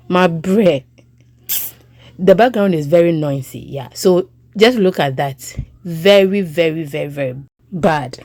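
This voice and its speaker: Low-voiced Ghanaian woman, chatty cooking voice-over. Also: moderate pace, darkish tone, no echo. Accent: Ghanaian English. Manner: chatty, checks in with "okay?". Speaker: home cook.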